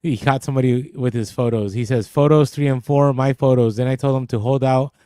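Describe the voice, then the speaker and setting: A man's voice: medium pitch, steady tone, fairly quick, dark tone, clear, resonant tone, no echo. A man co-hosting a casual podcast, reading out listener comments and laughing often, speaking close into a studio mic. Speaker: podcast co-host. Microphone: podcast studio mic, too close at times.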